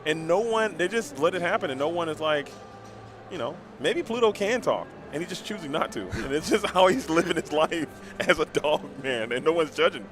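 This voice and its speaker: A young man, a card game streamer, chatting casually after a match, animated and repeating himself, laughing easily. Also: on the high side, a little fast, background noise. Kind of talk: casual post-match chat.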